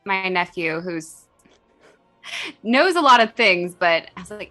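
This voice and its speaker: Woman, podcast co-host, giggly, animated, bright tone. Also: fairly low pitch, unhurried. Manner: giggly, animated, talks over others. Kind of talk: casual chat.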